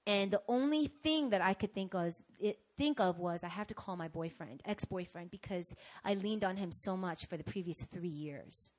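A young woman preaching and telling a personal testimony, animated, swinging from hushed to loud. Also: mid-range voice, normal speed. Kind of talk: sermon testimony storytelling.

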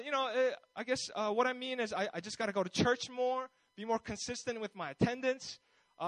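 Pastor, man, high-pitched, delivers a casual sermon and acts out the people he quotes, dry recording. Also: a bit bright, dry recording, rough recording. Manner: conversational, many fillers, acts out quoted voices.

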